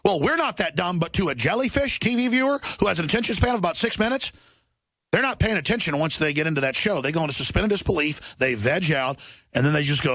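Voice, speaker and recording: A man's voice: on the high side, lively intonation, a little fast, gravelly, a bit bright, no echo, studio quality. A middle-aged man hosting a combative talk radio show, ranting and mocking as he talks. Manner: ranting, mocking, shifts into sneering put-on voices. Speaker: radio host.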